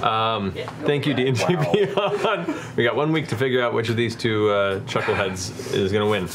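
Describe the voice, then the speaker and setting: Flustered stammering man over loud noise. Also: medium pitch, normal speed. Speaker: game master and host. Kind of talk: casual chat, reading sponsor thanks.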